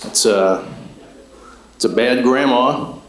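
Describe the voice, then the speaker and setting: A man's voice: mid-range voice, slow, noisy background. Dry-witted man on a club stage. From Chicago. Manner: dry, conversational storytelling with asides to the crowd. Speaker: stand-up comedian. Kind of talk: stand-up comedy set. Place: comedy club stage with live audience. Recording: roomy live club sound.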